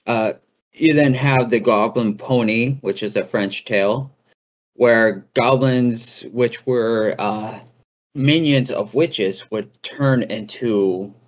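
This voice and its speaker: A man hosting a casual talk on folklore, speaking conversationally with fillers and asides. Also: fairly low pitch. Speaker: podcast host.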